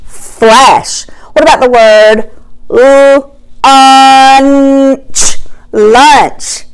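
A woman teaching young children a phonics lesson, cheerful and sounding out words slowly. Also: sits high, expressive, low-quality recording.

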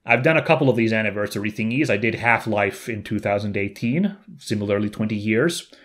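A man's voice: fairly low pitch, brisk, fairly bright tone. A man hosting his channel's retrospective in a rambling, self-deprecating way, full of "like". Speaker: YouTube channel host. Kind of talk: casual retrospective commentary.

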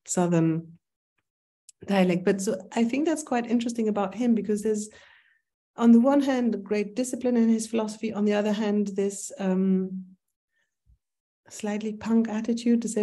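A woman's voice: medium pitch, normal speed, dark tone. A woman with a German accent giving a philosophy seminar lecture, speaking in a thoughtful, digressive way with frequent ums. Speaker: seminar instructor.

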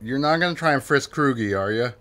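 A man streaming a game live, joking and swearing through his commentary with sudden loud outbursts. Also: medium pitch, animated, brisk. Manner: jokey, swearing, bursts into loud silly outbursts.

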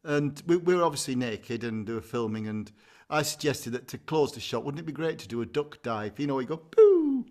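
A male podcast co-host in loose, comic conversation. He rambles and tells bawdy stories at an ordinary middle pitch. His tone stays casual and chatty. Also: a little fast. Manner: rambling, bawdy storytelling with bursts of laughter. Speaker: podcast co-host, agony uncle.

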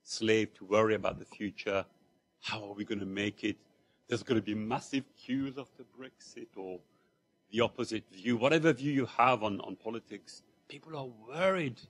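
A man delivers a church sermon in a husky, mid-pitched voice. He preaches conversationally and tells stories, often turning to ask the congregation questions. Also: moderate pace. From Mauritius. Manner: conversational, animated storytelling with asides to the congregation. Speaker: lay preacher.

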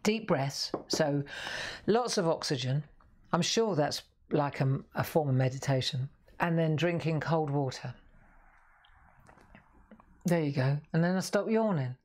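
Chatty low-voiced woman in her sixties. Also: lively intonation, a little slow, long pauses, a little mellow. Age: 60s. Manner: chatty, rambling, self-interrupting. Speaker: craft show host. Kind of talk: live crafting demonstration chat.

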